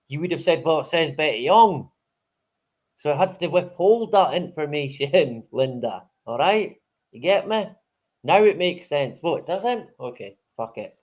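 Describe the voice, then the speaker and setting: A man's voice: on the high side, a little mellow. A man hosting a live stream in casual chat, rambling, swearing freely and chuckling often.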